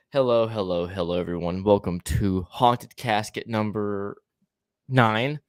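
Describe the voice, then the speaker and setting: A man's voice: on the low side, unhurried, dry recording, studio quality. A young man hosting a casual podcast livestream, playful, laughing often and tripping over his words. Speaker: podcast host.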